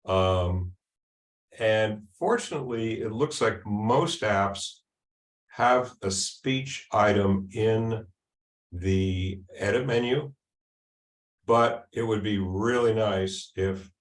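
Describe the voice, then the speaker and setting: Low-voiced man giving a casual demo. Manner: halting, with frequent ums and restarts. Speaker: presenter at a user group meeting. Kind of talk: casual live software demo. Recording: echoey room sound.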